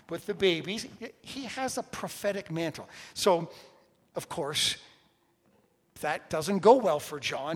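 A man's voice: on the high side, big-room sound. A man preaching a sermon as a pastor, telling stories in a conversational way with humorous asides.

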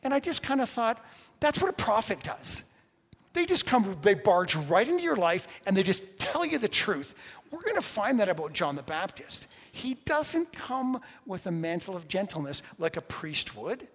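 A man's voice: high-pitched, sing-song, moderate pace, a bit bright, breathy edge, in a large hall. A man preaching a sermon as a pastor, telling stories in a conversational way with humorous asides.

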